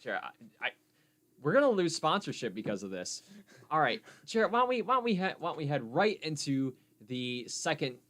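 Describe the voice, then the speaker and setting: A man's voice: on the high side, very animated, normal speed, a bit bright. Teasing young male host steering the chat. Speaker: podcast host. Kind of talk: casual nerd chat.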